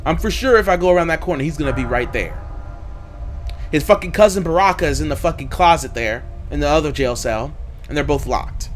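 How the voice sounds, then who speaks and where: A man hosting a horror game let's play, talking profanely and nervously, yelping and shouting when scared. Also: on the high side, lively intonation, a little fast. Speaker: gaming video host.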